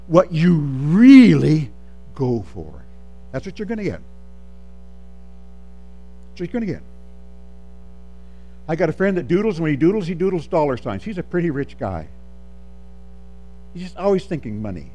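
A man preaching a sermon, calling for amens and swinging between soft asides and loud, drawn-out lines. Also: fairly high pitch. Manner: animated, calls for amens, swings from soft to shouting.

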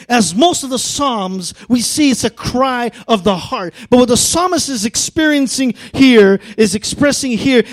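A man preaching a sermon as pastor, earnest and emphatic, stretching out key phrases. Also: very high-pitched. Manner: earnest, drawn-out emphatic phrases building to fervent pleading.

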